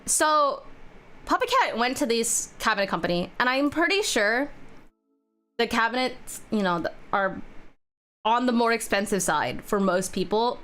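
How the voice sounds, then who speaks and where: Young woman streamer rambling while she draws, kinda high voice, lots of likes and laughs. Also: fairly bright tone. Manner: rambling, chatty, laughs often, many fillers. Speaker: art streamer. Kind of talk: casual chat while drawing on stream. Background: faint music.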